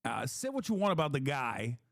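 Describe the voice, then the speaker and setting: A man's voice: medium pitch, sing-song, fairly quick, dry recording, studio quality. A man streaming live, reacting to clips with profane, laughing asides. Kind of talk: live commentary.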